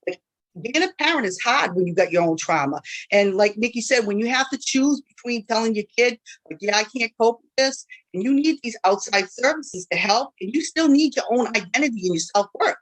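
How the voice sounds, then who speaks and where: A woman telling her own story at a community panel, fast and animated, acting out what others said to her. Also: mid-range voice, low-quality recording. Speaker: panel speaker. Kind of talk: personal testimony at a community panel.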